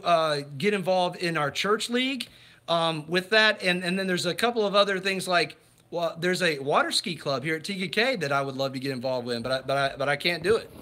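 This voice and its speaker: A man in his thirties hosts a casual livestream and reads out viewer comments. His voice is bright and a little high for a man. He talks in a chatty way, often stopping and restarting with fillers. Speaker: livestream host.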